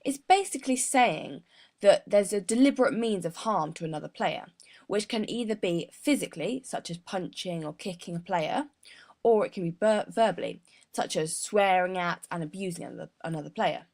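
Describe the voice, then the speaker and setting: A woman's voice: on the low side, animated, moderate pace, creaky, a little mellow. A young woman as a sports psychologist guest, giving an earnest prepared explanation with frequent mid-word restarts. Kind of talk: prepared explanation in a mock interview.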